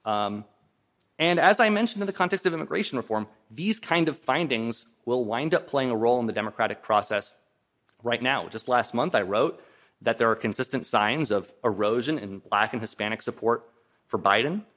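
A man's voice: medium pitch, expressive, moderate pace, fairly bright tone. A man giving a public lecture and answering audience questions, talking thoughtfully with frequent restarts and hedges. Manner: thoughtful, hedging, many restarts and "um"s. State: voice briefly strained. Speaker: guest lecturer. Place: lecture hall.

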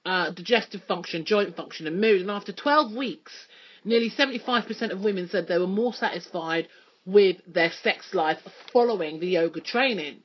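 A chatty woman hosts a casual radio segment, joking along and filling gaps with ums and you-knows. Her voice is husky and breathy. The recording sounds dull and lo-fi. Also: mid-range voice, normal speed. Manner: chatty, joking, many fillers. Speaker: radio presenter.

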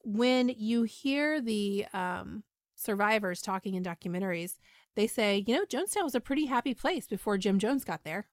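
A woman's voice: medium pitch, animated, moderate pace, no echo, clean studio sound. A woman podcast host retelling a story in casual, chatty talk with frequent ums and asides.

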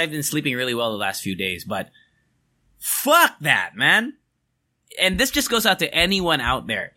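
A man's voice: fairly high pitch, sharp tone. A young man hosting a podcast, ranting angrily and emphatically, swearing as he vents. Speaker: podcast host.

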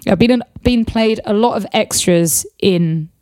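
A woman's voice: mid-range voice, measured pace, a little mellow, dry recording, studio quality. A woman talking as a podcast guest, blunt and sweary, laughing often. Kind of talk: casual podcast chat.

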